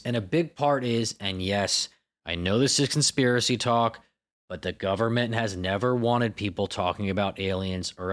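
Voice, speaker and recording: A man hosting a podcast alone, riffing in an irreverent, profane, self-mocking comic monologue. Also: lowish voice. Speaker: podcast host.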